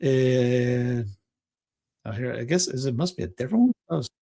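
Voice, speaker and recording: A man's voice: mid-range voice, lively intonation, moderate pace, warm tone. A man hosting a casual political news rundown, reading headlines aloud and breaking off into sarcastic asides with small chuckles and restarts. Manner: frequent restarts and filler words. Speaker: political commentary host.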